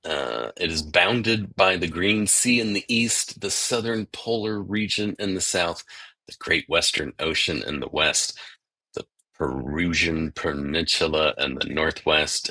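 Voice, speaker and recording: A very low, husky male voice with a bright edge, talking with lively swings in pitch. He co-hosts a casual podcast chat, rambling and playful. The sound is dry and close. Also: a little slow, no echo, low-quality recording. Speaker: podcast co-host.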